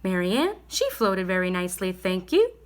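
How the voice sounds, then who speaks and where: A woman reading a bedtime story aloud in a gentle, expressive way. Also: on the low side, normal speed.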